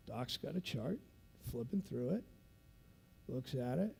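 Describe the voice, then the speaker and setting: A man delivers a keynote as a lively storyteller, his pitch leaping high and falling low. His voice is dark and gravelly, and he acts out the scenes as he goes. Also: normal speed. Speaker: keynote speaker.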